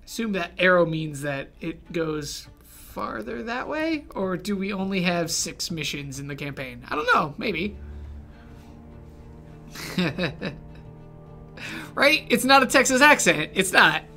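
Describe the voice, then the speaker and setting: A game streamer chats casually and jokes over gameplay, poking fun at the characters. The talk is slow and unhurried, the voice bright, with light music behind. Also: medium pitch, big pitch swings, vocal fry. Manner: joking, laughing, doing bad impressions.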